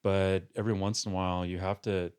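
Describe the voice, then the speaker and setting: A man talking as a podcast guest, thoughtful and measured, drawing on philosophers and advice he gives his clients. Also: low voice, flat delivery, a little mellow, clean tone. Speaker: guest, counselor. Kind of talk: podcast discussion.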